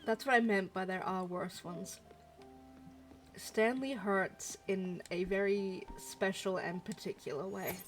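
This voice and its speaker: A woman streamer chatting casually while playing a game, musing out loud with frequent ums. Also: mid-range voice, measured pace, faint music behind. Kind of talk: casual let's-play commentary.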